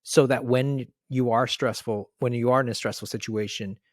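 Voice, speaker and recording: A man's voice: mid-range voice, steady tone, normal speed, dry recording, clean studio sound. A middle-aged Canadian man co-hosting a podcast, chatting casually and telling stories animatedly, mimicking others and laughing often. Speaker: podcast co-host. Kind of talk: casual chat.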